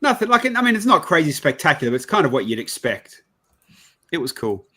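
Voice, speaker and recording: Aussie bloke rambling thru a story, slightly high voice, acts out what everyone said. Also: male voice, a little fast, breathy edge. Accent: Australian. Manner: rambling, animated, swears casually, acts out dialogue. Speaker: podcast host. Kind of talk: casual storytelling chat.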